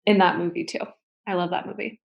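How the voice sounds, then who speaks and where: A woman's voice: on the low side, steady tone, quick pace, vocal fry. Earnest woman guest, casual chat. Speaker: podcast guest.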